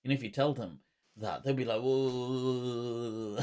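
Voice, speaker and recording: A man hosting a relaxed podcast chat, talking in a medium voice that is neither high nor low. He is animated and laughs often, and he drops technical religious terms into long explanations. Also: fast, breathy edge. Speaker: host. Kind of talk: casual podcast conversation.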